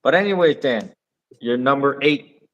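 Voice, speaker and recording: A man's voice: mid-range voice, lively intonation, normal speed, dull audio. A young man co-hosting a podcast in casual chat, talking eagerly with lots of fillers. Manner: enthusiastic, rambling with fillers. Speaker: podcast co-host.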